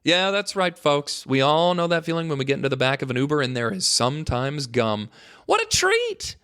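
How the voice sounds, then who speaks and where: A man's voice: medium pitch, brisk, a bit bright, smooth. A man hosting his own podcast alone, talking in a rambling, joking way with mock-dramatic asides to his listeners. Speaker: podcast host. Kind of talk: casual solo podcast monologue.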